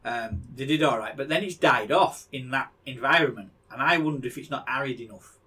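A man's voice: mid-range voice, brisk, sharp tone, husky. A middle-aged man, co-hosting a podcast in casual chat and rambling, often repeating words as he starts a sentence. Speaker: podcast co-host.

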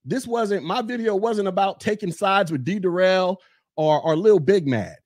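High-pitched man ranting into a dry mic. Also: moderate pace, a little mellow, no room sound. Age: 40s. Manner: mocking, heated, repeats taunts. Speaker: podcast host. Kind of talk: casual commentary rant.

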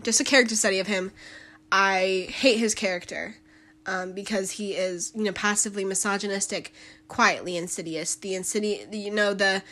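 Bright, emphatic woman host. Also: mid-range voice. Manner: emphatic, opinionated, blunt. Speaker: podcast host. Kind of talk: solo podcast film commentary.

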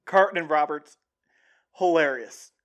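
A young man hosting a sports show, talking casually and excitedly in a rambling way with many restarts. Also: fairly high pitch, unhurried, muffled recording. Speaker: sports podcast host. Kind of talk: casual sports talk monologue.

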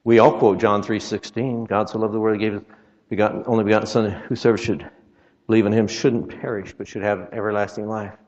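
Low-voiced folksy male preacher in a reverberant hall. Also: flat delivery, fairly quick, a little mellow. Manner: folksy, joking asides, quotes scripture. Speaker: traveling preacher. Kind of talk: sermon. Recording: reverberant, dull lo-fi sound.

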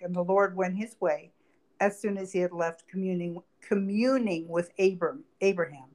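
A woman's voice: lowish voice, moderate pace, a little mellow. A woman reading Bible verses aloud and explaining them in conversation as a podcast co-host. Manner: reads scripture aloud then explains it conversationally. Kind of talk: Bible study talk.

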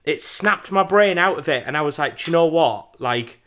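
A man chats on a podcast in a bright, fairly high voice. He tells stories in a loose, rambling way, full of fillers and restarts. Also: animated, normal speed. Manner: rambling storyteller, many fillers. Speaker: podcast co-host. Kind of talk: casual chat.

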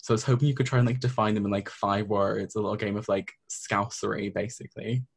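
A man's voice: lowish voice, fairly even intonation, fast talker, vocal fry, breathy edge. A young man from Scotland whose accent mixes Scottish, American and English, chatting casually as a guest and saying "like" a lot. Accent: mixed Scottish, American and English. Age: young adult. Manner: chatty, says "like" often. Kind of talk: casual chat.

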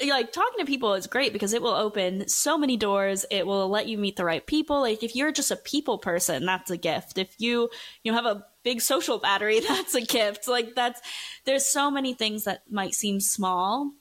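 A woman's voice: mid-range voice, a bit bright. A woman who is a startup founder and content creator, guesting on a podcast and talking casually, upbeat and with many "like"s. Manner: upbeat, fills speech with "like". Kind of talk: casual interview chat.

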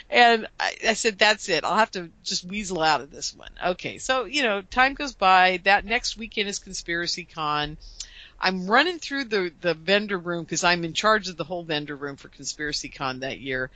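A woman guest telling a lively story in an interview, acting out the voices of the people she quotes. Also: no echo. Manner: lively, acts out quoted dialogue with raised pitch. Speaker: guest, UFO conference producer.

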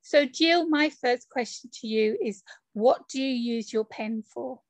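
A woman with a high voice hosts a podcast interview, chatty and friendly. Her voice sounds close and dry, with no room around it. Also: a little slow, no room sound. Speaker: podcast host. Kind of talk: casual interview chat.

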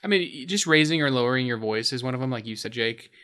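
A man talking casually on a podcast over a video call, relaxed and chatty. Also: mid-range voice, fast talker. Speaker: podcast co-host.

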